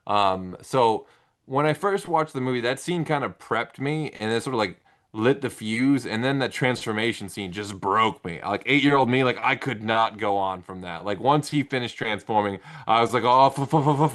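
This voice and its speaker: Male host, lowish voice, animated and foul-mouthed, casual chat. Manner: animated, profane storytelling.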